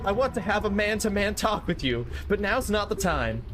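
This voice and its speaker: A man's voice: high voice, big pitch swings, normal speed, very noisy, voice pushed up. A grave rock-people chief, as a man reads him out.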